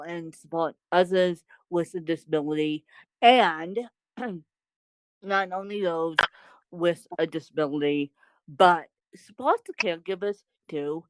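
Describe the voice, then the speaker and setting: A woman's voice: fairly low pitch, clean tone, no echo, low-quality recording. A woman hosting a podcast in casual chat, rambling and repeating herself with frequent laughs. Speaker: podcast host.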